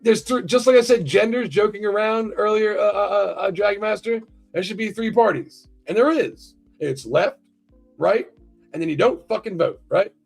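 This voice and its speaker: With a high-sitting voice, vocal fry, and a moderate pace, an American livestream host rambles profanely as he addresses his chat. Soft background music can be heard.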